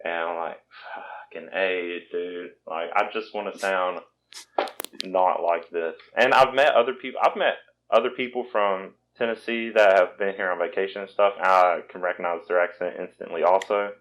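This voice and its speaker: Man in his 20s, Southern American accent, podcast host, rambling, self-deprecating, low voice. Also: fairly even intonation, moderate pace, a bit bright, rough recording. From Virginia. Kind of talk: casual chat.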